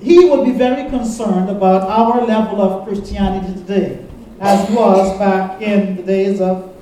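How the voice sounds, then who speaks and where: Echoey preacher leading a church sermon. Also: male voice, high-pitched, fairly even intonation, unhurried, mellow, slight background noise. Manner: call-and-response preaching, storytelling. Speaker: pastor. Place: church sanctuary. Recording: echoey church room, mic at a distance.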